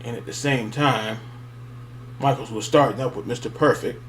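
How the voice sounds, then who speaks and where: A man talking in a loose, rambling way, full of fillers and little laughs. His voice sits at an ordinary middle pitch. A faint hum runs under the recording. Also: fairly even intonation, moderate pace. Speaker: wrestling fan vlogger. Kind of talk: casual nostalgic monologue.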